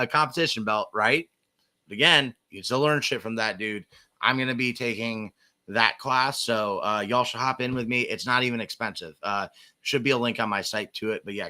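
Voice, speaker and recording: A male host in easygoing conversation, reading comments aloud and chuckling often. His voice is bright and forward, his talk loose and profane. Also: medium pitch. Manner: laughs often, reads viewer comments, swears casually. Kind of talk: casual livestream chat.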